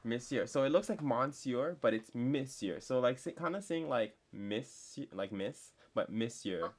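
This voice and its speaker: Young guy teaching french, mid pitch, chatty, lots of likes and ums. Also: lively intonation. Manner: chatty, lots of fillers, spells out words slowly. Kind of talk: casual online lesson.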